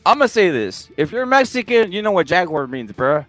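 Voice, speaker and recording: A young man co-hosting a casual boxing podcast, talking loud and animated with crude banter and many restarts. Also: sits high, moderate pace, dry recording, soft background music. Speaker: podcast co-host.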